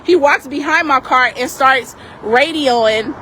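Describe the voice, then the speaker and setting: Woman activist, high voice, animated and forceful recounting, outdoor street. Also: slow, a little hiss or hum. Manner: emphatic, animated retelling. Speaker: community activist. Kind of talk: heated street complaint to police. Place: outdoors on a city street by a parked car.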